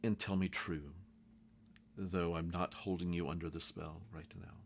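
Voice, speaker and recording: A man voicing a stern ruling official who speaks in measured, formal commands. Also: low voice, fairly even intonation, slight background noise.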